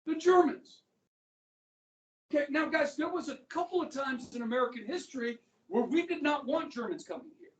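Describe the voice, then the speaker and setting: A man's voice: extremely high pitch, animated, fast talker, hardly any pauses, fairly bright tone, lo-fi sound. Male history teacher, casual joking lecture, rhetorical questions, far from the mic, roomy echo. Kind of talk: classroom lecture. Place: classroom. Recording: echoey classroom, speaker far from the mic.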